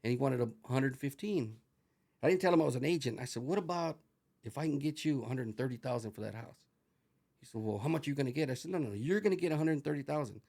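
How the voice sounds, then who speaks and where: A middle-aged man telling a profane, animated story as an interview guest, slipping into Spanish phrases as he acts out the dialogue. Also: medium pitch, fast talker, vocal fry. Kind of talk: casual storytelling.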